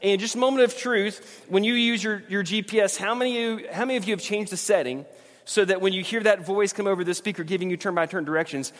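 Male pastor, high-ish voice, self-deprecating and halting, long hall reverb. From southern Alabama. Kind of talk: sermon.

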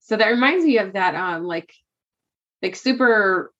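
A woman's voice: medium pitch, expressive, a little slow, a bit bright. A woman co-hosting a podcast in casual chat, talking freely, thinking aloud and laughing easily. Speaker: podcast co-host. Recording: slightly dull lo-fi sound.

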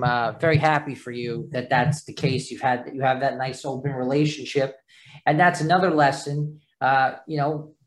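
An interviewer with a New York accent chats casually with a guest. The talk is halting and full of "uh" and "um" fillers. The voice sits at a middle pitch.

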